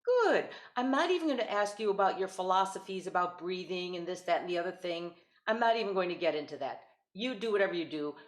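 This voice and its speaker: A woman's voice: lowish voice, fast talker, roomy sound. A woman teaching an online voice lesson, patient and encouraging, demonstrating vocal exercises over a video call.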